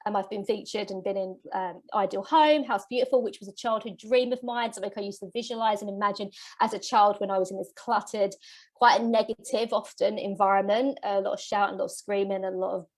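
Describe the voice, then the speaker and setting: A woman's voice: mid-range voice, steady tone, quick pace, a little mellow. A woman business coach giving an earnest, motivational masterclass, getting emotional as she talks. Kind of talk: live masterclass presentation.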